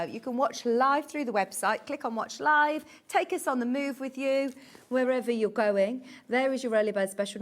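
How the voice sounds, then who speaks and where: A woman's voice: a little high, fairly bright tone. A woman presenting live on a shopping channel, chatty and gushing as she talks through products. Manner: gushing, chatty, upbeat sales patter. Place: TV studio.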